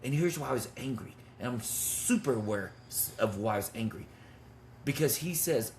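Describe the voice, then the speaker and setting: A man's voice: medium pitch, animated, moderate pace, darkish tone, slight background noise. A man in his fifties telling a personal story with intensity and blunt, swearing talk, as a men's ministry leader. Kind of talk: testimony in conversation.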